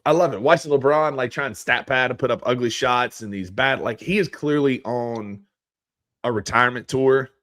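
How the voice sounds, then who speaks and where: A man co-hosting a sports podcast in casual chat, steady and agreeable, often murmuring along. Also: mid-range voice, normal speed, no echo, clean studio sound. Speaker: podcast co-host.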